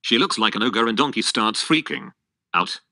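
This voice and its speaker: A male text-to-speech voice reading stage directions as narrator, with a flat synthetic delivery and odd stresses. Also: medium pitch, moderate pace, no echo.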